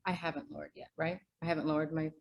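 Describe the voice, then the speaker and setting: A woman with a lowish voice takes the seller's part in a role-play. She answers questions in short, plain replies. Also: flat delivery, rapid-fire, gravelly, dull audio.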